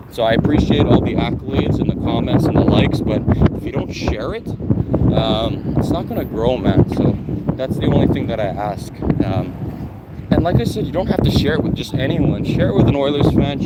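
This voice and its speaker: A man live-streaming from a phone while walking outdoors, chatting loosely and answering viewer questions. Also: medium pitch. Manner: loose, chatty, swears casually. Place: outdoors on city streets heading to an arena. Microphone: phone held while walking. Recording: clear street noise from walking outdoors. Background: street traffic and city noise.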